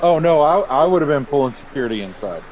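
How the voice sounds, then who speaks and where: A man playing a tabletop game, easygoing and thinking out loud. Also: a little high, very animated, quick pace, dull audio, slight background noise. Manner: easygoing, musing aloud. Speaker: player.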